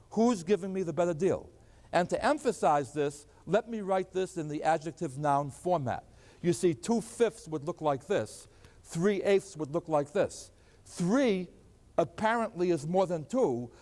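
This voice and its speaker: Older male math lecturer, high voice, answers his own questions, long hall reverb. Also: darkish tone. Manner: asks questions and answers them himself.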